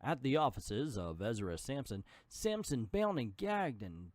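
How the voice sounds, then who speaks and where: Animated man reading a comic aloud. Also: mid-range voice, a little slow, dry recording. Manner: animated, jokey asides. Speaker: comic book reader and commentator.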